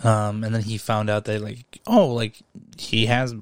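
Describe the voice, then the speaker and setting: A young man co-hosting a casual podcast, rambling and swearing freely as he retells stories with animated asides. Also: lowish voice, a little slow, no echo, clean studio sound. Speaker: podcast co-host. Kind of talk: casual chat.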